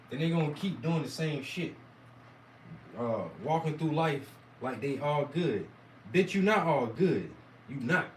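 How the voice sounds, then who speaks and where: A hoarse man giving crude, mocking reaction commentary in a rambling rant. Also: fairly high pitch, reverberant, far from the mic, slight background noise, low-quality recording. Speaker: commentator reacting to debate clips.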